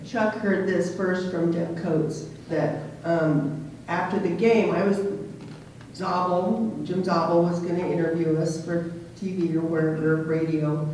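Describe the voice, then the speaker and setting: 60s woman, lively storyteller on a panel, roomy hall echo, some room noise. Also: fairly low pitch, measured pace. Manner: animated storytelling. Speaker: former player on panel. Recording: echoey hall from far off.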